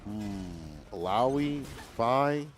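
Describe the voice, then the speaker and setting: A man co-hosting a fighting game watch party in a laid-back, slangy way, with animated reactions. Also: mid-range voice, extremely slow. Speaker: co-host commentator. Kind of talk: casual fighting game co-commentary. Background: music.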